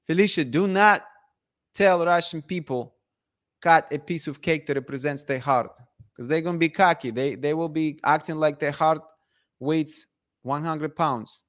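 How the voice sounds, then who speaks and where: A man hosting a casual live stream, reading viewer comments in a playful, emphatic way that repeats itself. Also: a little high. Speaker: livestream host.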